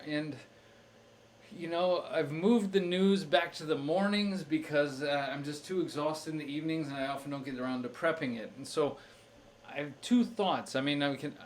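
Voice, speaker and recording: A man's voice: a little high, slight background noise. Rambling man thinking aloud at a crossword. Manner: thinks aloud with many fillers and restarts. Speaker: streamer solving crosswords. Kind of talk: casual live-stream chat.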